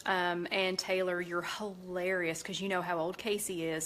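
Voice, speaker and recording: A woman's voice: lowish voice, level tone, normal speed, fairly bright tone. Chatty middle-aged woman. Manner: chatty, rambling, many fillers and self-corrections. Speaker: host of a live cooking chat. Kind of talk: casual live-stream chat.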